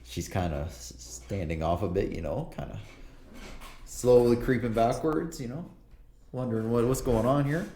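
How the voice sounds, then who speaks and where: A man narrating as game master in a tabletop game, relaxed and rambling with plenty of fillers. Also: mid-range voice, normal speed, slight background noise.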